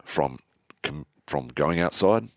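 Deep-voiced Australian man, halting and candid. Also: expressive, no room sound, clean studio sound. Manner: halting, candid retelling with many restarts. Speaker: guest. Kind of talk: personal story in an interview.

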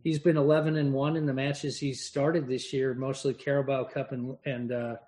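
A man co-hosting a casual sports podcast, breaking down play in a measured, analytical way. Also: medium pitch, little pitch movement, darkish tone. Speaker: podcast co-host.

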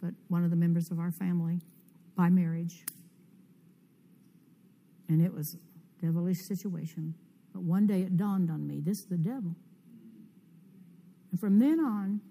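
An older woman preaching a conference sermon, fervent and commanding, with sudden loud rises in her declarations. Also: fairly low pitch. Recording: long hall reverb.

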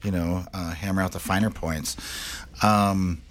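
A man's voice: low-pitched, steady tone, measured pace. A man hosting a live radio interview, rambling with many fillers and laughing often.

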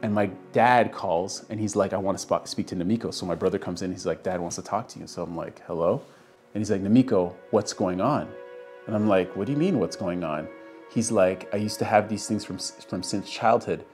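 Lowish male storyteller, faint music behind. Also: brisk. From Canada. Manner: animated storyteller acting out quoted voices. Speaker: guest telling his story. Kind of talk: casual storytelling.

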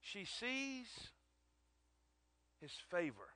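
A man's voice: high voice, huge pitch swings, drawn-out words, pushed and bright, smooth, dry recording. A man preaching a sermon in an emphatic, emotional way, often repeating his words.

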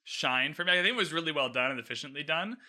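Bright-voiced man, rambling casual chat. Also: a little high, fast. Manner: rambling, filler-heavy, animated retellings. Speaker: podcast co-host reviewing a TV series.

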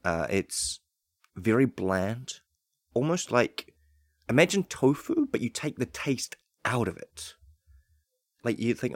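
A man with a New Zealand accent hosting a comedy podcast, rambling through absurd made-up facts in a straight-faced, deadpan way. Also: medium pitch, slow, long pauses, no echo, studio quality. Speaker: podcast host.

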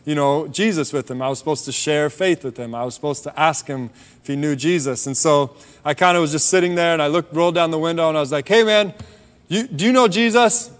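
Male preacher, fairly high voice, relaxed story-driven testimony, long reverb tail from a hall. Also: quick pace, clear, resonant tone. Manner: relaxed storytelling, drops softer on key points. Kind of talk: conversational sermon testimony.

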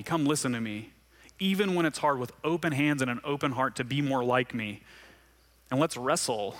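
Bright-voiced man preaching conversationally. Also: medium pitch. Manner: conversational, earnest, laughs often. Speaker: pastor. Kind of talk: sermon.

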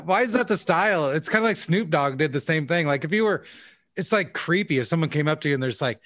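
A man's voice: a little high, animated, fast talker, fairly bright tone, no room sound. A man co-hosting a podcast, joking and loose, swearing casually. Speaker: podcast co-host. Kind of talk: casual chat.

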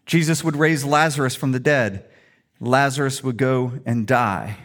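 A man's voice: mid-range voice, measured pace, a bit bright. A middle-aged male pastor preaching a sermon in a humorous, conversational storytelling way.

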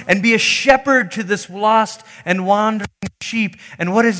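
Male pastor, sermon, emphatic delivery, higher voice with ringing hall reverb. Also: moderate pace, few pauses, bright, forceful tone. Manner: emphatic, voicing quoted pleas in a higher pitch.

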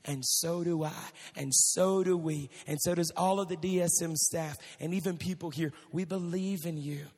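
A man preaching a sermon to a young audience, animated and emphatic, often speaking straight to the crowd. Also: a little high, moderate pace, hardly any pauses. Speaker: youth preacher. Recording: reverberant hall with faint music.

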